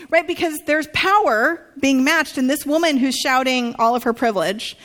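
A woman with a fairly high voice preaches to a room of listeners. She tells stories with energy and slips into voices for the people she quotes. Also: normal speed, hardly any pauses. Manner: animated storytelling, acts out quotes. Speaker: pastor. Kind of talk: sermon dialogue.

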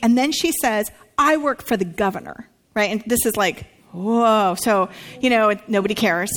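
A woman with a fairly high voice preaches to a room of listeners. She tells stories with energy and slips into voices for the people she quotes. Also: measured pace. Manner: animated storytelling, acts out quotes. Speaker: pastor. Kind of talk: sermon dialogue.

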